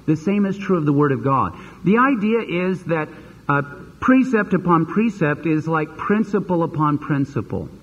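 A man preaching a sermon as pastor, animated and acting out the voices he quotes. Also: on the high side, normal speed, husky. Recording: dull lo-fi sermon recording with long reverb.

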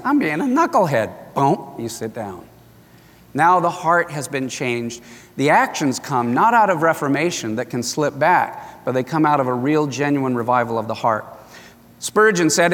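A man's voice: a little high, fairly bright tone. A man preaching a sermon with passion, now and then acting out the voices of the people he quotes. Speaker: pastor. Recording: reverberant hall.

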